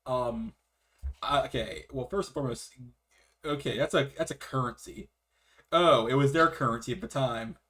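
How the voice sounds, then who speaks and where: A man's voice: mid-range voice, moderate pace. A man co-hosting a casual art history chat, reading aloud with restarts and swearing. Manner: animated, swears, trails off mid-sentence.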